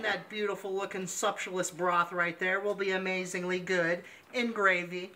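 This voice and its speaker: A man's voice: high voice, steady tone, moderate pace, few pauses, sharp tone. A man hosting a mock cooking show, gushing pompously over every dish as he works in a home kitchen. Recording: noisy kitchen sound.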